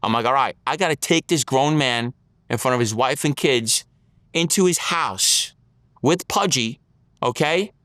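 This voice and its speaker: A man's voice: medium pitch, expressive, unhurried, a bit bright, dry recording, studio quality. A man telling his story as an interview guest, in blunt street talk, acting out the lines of others.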